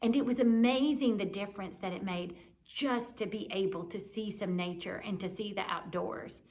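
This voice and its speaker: A woman's voice: medium pitch, moderate pace. Reflective woman sharing a devotional talk. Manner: candid, reflective, gently encouraging. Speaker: church speaker.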